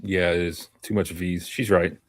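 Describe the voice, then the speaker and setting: Deep-voiced hesitant actor, low and dry. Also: male voice, fairly even intonation, moderate pace, no room sound, faint music behind. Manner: hesitant, trailing off with fillers. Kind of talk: casual panel chat.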